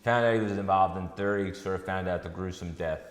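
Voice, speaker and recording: Low-voiced man, easygoing and laughing. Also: quick pace. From North Jersey. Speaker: guest comedian. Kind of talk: casual interview chat. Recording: echoey hall.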